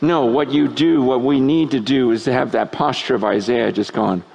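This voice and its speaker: A man preaching a sermon at a tent meeting, moving from hushed, low musings to loud, shouting peaks. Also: moderate pace, creaky, hardly any pauses. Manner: animated, swinging from hushed to shouting.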